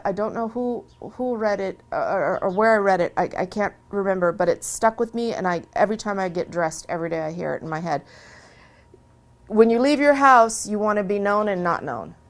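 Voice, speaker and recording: A woman who converted to Islam tells her story in a casual interview, earnest and emphatic, often repeating a phrase for stress. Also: mid-range voice.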